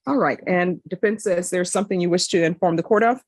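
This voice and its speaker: A woman's voice: fairly low pitch, fast talker, no echo. A woman judge running a courtroom hearing in a businesslike, procedural way.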